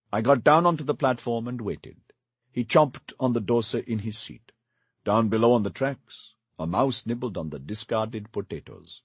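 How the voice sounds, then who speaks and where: Husky, animated male audiobook narrator. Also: mid-range voice, dry recording. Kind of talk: scripted first-person narration.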